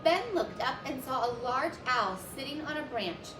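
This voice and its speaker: A woman hosting a library story time, reading a picture book aloud gently to children and showing a simple craft. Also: sits high, animated, normal speed. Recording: echoey room with background music.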